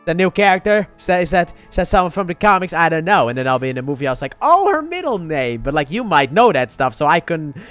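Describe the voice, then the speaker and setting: A man's voice: on the high side, fast talker, hardly any pauses, a bit bright, smooth, soft background music. A man in a casual chat, teasing his co-host and interjecting with laughs. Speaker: guest reviewer.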